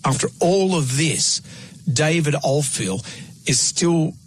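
A man's voice: a little high, animated, slow, noisy background. A middle-aged man with an Australian accent, a radio host talking earnestly in casual chat, often repeating words as he goes.

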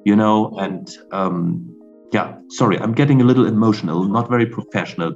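A man with a very deep voice answers questions from the border over a muffled, lo-fi connection. He talks haltingly, pausing and restarting as he searches for words, with plenty of hesitation along the way. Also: creaky, darkish tone, faint music behind. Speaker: reporter at the border. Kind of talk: remote interview. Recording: dull lo-fi remote line.

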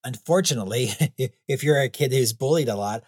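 A man's voice: mid-range voice, brisk, darkish tone, slightly rough, no room sound, studio quality. A man being interviewed as a guest clown and author, rambling easily with frequent chuckles and fillers. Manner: rambling, chuckles often, many "you know"s. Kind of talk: casual interview chat.

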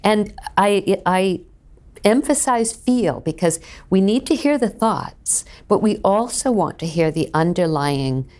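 A woman who is a voice coach, explaining her work in an interview in a measured, teacherly way. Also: mid-range voice, expressive, a little mellow. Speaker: voice coach guest.

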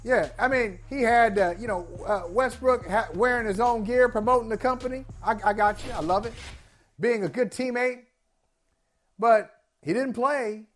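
Sports talk co-host, casual debate, emphatic, incredulous, mid pitch, faint music. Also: moderate pace. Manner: incredulous, emphatic, mock-scolding.

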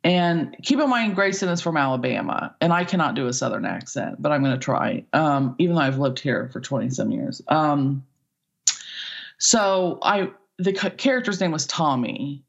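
Woman talent agent, chatty rambling storyteller, gravelly voice, dull lo-fi recording. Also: sits low, lively intonation, normal speed. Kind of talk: casual podcast interview.

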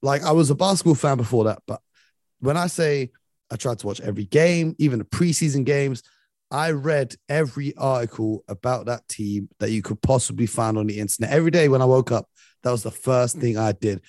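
A man's voice: medium pitch, fairly quick, dry recording, clean studio sound. Enthusiastic young man. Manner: enthusiastic, animated, leads the conversation. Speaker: podcast co-host. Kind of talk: casual sports chat.

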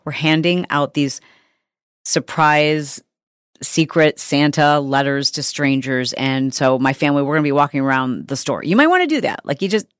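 A middle-aged woman hosting a podcast, telling a story in a chatty, animated way with lots of fillers. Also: low-pitched, normal speed, clear, resonant tone, dry recording, clean studio sound. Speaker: podcast host. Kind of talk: casual podcast monologue.

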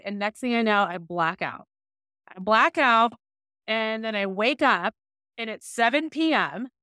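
Bright, clear woman telling her story. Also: on the high side, no echo, studio quality. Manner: open, casual, lots of "like" fillers. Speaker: podcast guest. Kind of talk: candid personal storytelling.

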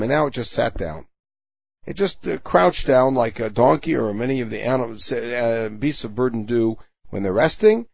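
A man's voice: mid-range voice, vocal fry, husky, no room sound. A man giving a Torah lesson, reading Hebrew verses and translating them line by line, with everyday examples. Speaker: Torah teacher. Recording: dull lo-fi recording.

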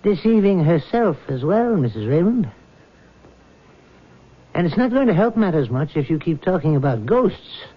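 An actor playing a measured, dismissive middle-aged doctor in a 1970s radio drama. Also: male voice, fairly high pitch, big pitch swings, slightly rough. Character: calm, clinical, dismissive male doctor. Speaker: hospital doctor. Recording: dull lo-fi old radio recording with faint hiss.

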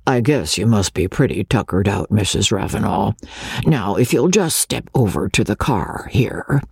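A stammering, deferential middle-aged country man, as a woman reads him in an audiobook. The voice is low and husky, and he trips over his polite words. It is dry and close. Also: expressive, moderate pace, a little mellow, no room sound, heavily acted. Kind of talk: audiobook character voice.

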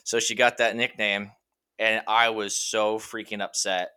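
Man, bright voice, casual storytelling, rambling with lots of fillers. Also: fairly low pitch, a little slow, clean tone. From Washington state. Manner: rambling, animated anecdote with many fillers. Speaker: guest.

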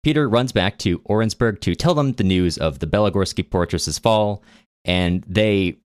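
A man co-hosting a casual book podcast, retelling a story with chatty, wry asides. His voice is low and deep. The recording is dry and close, with no room sound. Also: normal speed, clean tone, no echo. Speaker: podcast co-host.

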